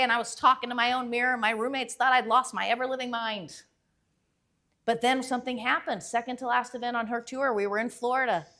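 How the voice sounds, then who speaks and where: A woman motivational speaker telling a story in a lively way. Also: on the high side. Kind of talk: motivational talk.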